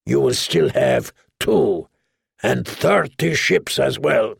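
A man voicing a sly, greedy male merchant prince who teases and bargains in a slow, drawling way. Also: medium pitch, wildly swooping pitch, creaky, breathy edge, no room sound, clean studio sound, full character voice. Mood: sly wheedling.

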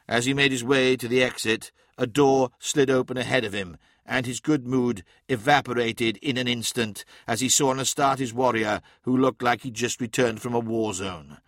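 A man reading an audiobook in a measured scripted narration, shifting his voice for characters. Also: medium pitch, fairly bright tone, no echo, studio quality.

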